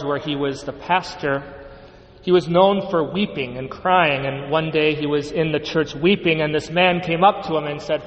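A priest giving an earnest, emphatic sermon with measured pauses, in a church. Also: male voice, a little high, long reverb tail, low-quality recording.

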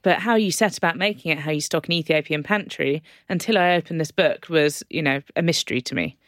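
A woman with a low, dry-sounding voice talks about recipes with warm enthusiasm. She is casual and a little self-deprecating. She sounds like a food writer who has come on as a podcast guest. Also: a little fast, dry recording.

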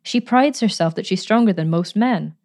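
A woman's voice: mid-range voice, lively intonation, moderate pace, darkish tone, lightly acted. A woman reading a storybook, voicing an eager, timid eighteen-year-old girl who speaks earnestly and stammers a little.

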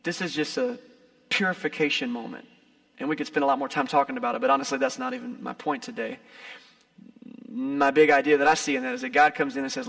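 A man delivering a casual sermon in a high, bright voice with a gravelly edge. He talks like he's chatting with the room, leaning hard into emphasis and then dropping to soft asides. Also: brisk. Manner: lively, conversational, swings between loud emphasis and soft asides. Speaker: preacher. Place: gym used as a church.

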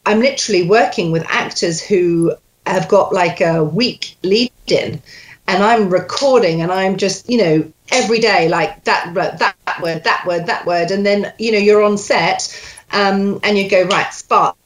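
A woman coaching accents, talking in a chatty, animated way with quoted asides. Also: medium pitch, measured pace. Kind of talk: casual chat. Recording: roomy echo.

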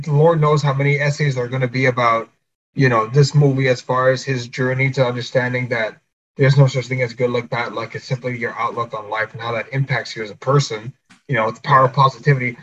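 Male podcast co-host, husky, enthusiastic, dull lo-fi recording. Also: medium pitch, a bit bright. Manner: enthusiastic, earnest defending, swears casually. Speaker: podcast co-host reviewing a film. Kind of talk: casual chat.

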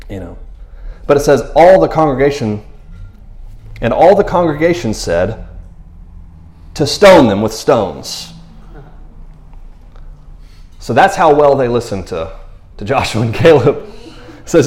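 A man's voice: mid-range voice, a little slow, long pauses, reverberant. A man preaching a sermon in a casual, slangy way, acting out the people in the story with changing voices. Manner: animated, slangy, acts out quotes in character voices. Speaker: pastor.

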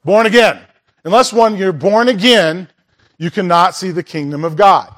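A man's voice: sits high, normal speed, fairly bright tone. A man preaching a sermon in a church in a conversational way, asking the congregation questions and making asides. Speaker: pastor.

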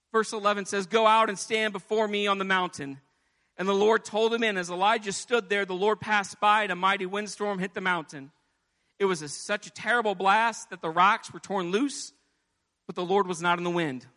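A man's voice: high voice, steady tone, normal speed, pushed and bright. A man preaching a sermon with impassioned delivery, rising into pleading as he voices scripture. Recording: long hall reverb.

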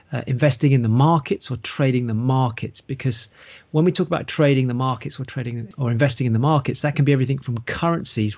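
A man's voice: medium pitch, a little mellow. A middle-aged man, explaining investing and property in a casual podcast conversation, running through long lists. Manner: explanatory, long listing run-ons.

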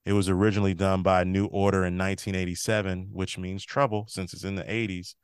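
Smooth-voiced man recapping a show. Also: sits low, level tone, fast, no room sound, studio quality. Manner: retells scenes by quoting characters' dialogue; loose, rambling delivery. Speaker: podcast co-host. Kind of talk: casual episode recap.

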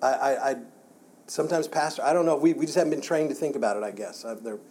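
A man's voice: medium pitch, quick pace, warm tone. A man teaching a church Bible class in a conversational way, often repeating words and restarting his sentences.

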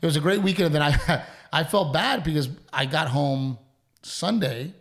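A man's voice: on the high side, normal speed. A young adult man telling a story on a podcast, acting out quotes and swearing freely. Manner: animated, acts out quotes, swears. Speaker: podcast co-host. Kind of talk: casual storytelling chat.

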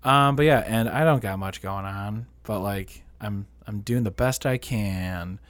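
A man's voice: fairly low pitch, measured pace, a bit bright, no echo. A man hosting a podcast in loose, joking casual chat, laughing easily. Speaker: podcast host.

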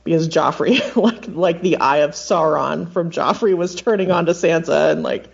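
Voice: medium pitch, moderate pace, creaky. A podcast co-host chatting casually, often exclaiming in reaction. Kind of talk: casual chat. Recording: slightly dull lo-fi recording.

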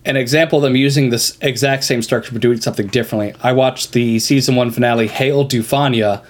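A man's voice: medium pitch, steady tone, fast. Rambling man in casual chat. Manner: rambling, many ums and trailing phrases. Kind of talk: casual chat about a cartoon.

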